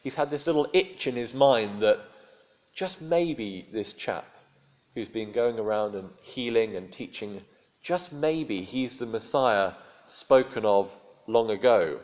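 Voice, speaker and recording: A man's voice: medium pitch, lively intonation, unhurried, a little mellow. A man preaching a sermon in a conversational storytelling way with dry humor. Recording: dull lo-fi sermon recording.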